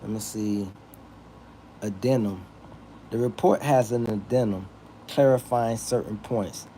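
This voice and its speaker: A man hosting a livestream, reading lists of words aloud slowly and deliberately, with casual asides. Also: lowish voice, mellow, slight background noise. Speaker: livestream host.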